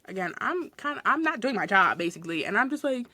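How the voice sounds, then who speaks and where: A young woman hosting a podcast, telling a work story in a casual, animated way, full of fillers and acted-out quotes. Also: fairly high pitch, fast talker, no room sound. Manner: animated, swears, many "like" fillers, acts out quotes. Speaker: podcast host.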